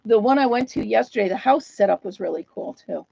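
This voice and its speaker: A woman's voice: fairly high pitch, lively intonation, fairly quick, creaky, mellow, husky, no echo, highs cut off. A woman hosting a casual live chat from home, laughing often and talking to viewers and her dog. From United States. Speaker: host of a live chat stream.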